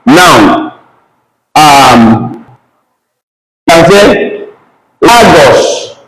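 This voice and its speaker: A man teaching Spanish pronunciation to a live class, repeating words slowly for learners. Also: fairly high pitch, animated. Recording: echoey room with loud crowd noise. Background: crowd noise.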